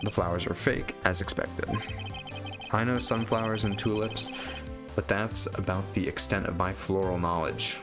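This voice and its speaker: A man's voice: deep voice, normal speed. A man reading a story game aloud in casual let's-play style, hesitant, with wry asides. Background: video game music.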